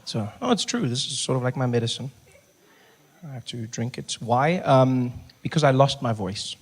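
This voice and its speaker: A South African man doing stand-up comedy, telling an animated story that swings between loud bits and hushed talk. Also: mid-range voice, moderate pace, breathy edge. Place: comedy club stage.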